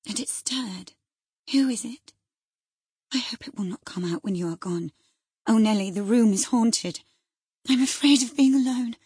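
A woman's voice: medium pitch, moderate pace, long pauses, darkish tone, slightly rough, no room sound, clean studio sound. A woman reading the part of a feverish, frightened young noblewoman, with anxious, breathless lines that often drop to a whisper. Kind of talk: audiobook character reading.

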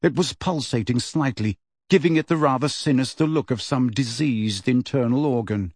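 A man narrating an audiobook in a measured, steady storytelling voice. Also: mid-range voice, no room sound, studio quality.

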